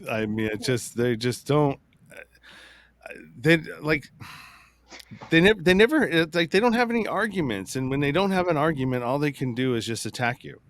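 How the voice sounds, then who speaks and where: A man's voice: on the high side, animated, moderate pace, a little hiss or hum. A man hosting a casual political podcast chat, rambling with many restarts and retelling arguments. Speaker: podcast host.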